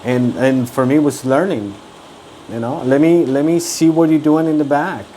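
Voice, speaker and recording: A man's voice: a little high, moderate pace, mellow, a little hiss or hum. A middle-aged chef from Mexico with a Mexican Spanish accent, talking casually and circling back to repeat his points. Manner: rambling, repeats himself, emphatic. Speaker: chef and podcast co-host. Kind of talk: casual conversation.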